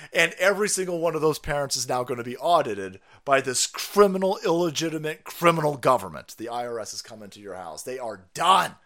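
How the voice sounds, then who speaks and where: Middle-aged guy ranting on his stream, swears a lot, laughs, kinda high voice. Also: expressive, moderate pace. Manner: loud, laughing, foul-mouthed, sarcastic. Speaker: livestream host. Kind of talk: profane political rant.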